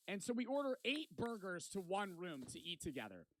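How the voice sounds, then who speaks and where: A young man with a high, light voice tells a rowdy, profane story in casual storytime fashion. The recording carries a noticeable hiss of background noise. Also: very animated, brisk. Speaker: vlogger.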